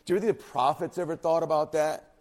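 A man preaching a sermon in an earnest, emphatic way, and his voice at times falters and turns quiet and husky. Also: fairly high pitch, fairly even intonation, fast talker. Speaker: pastor.

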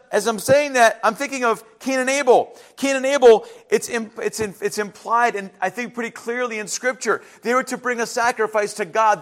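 A man preaching a sermon, animated, acting out voices in quick asides to his congregation. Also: high voice. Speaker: pastor.

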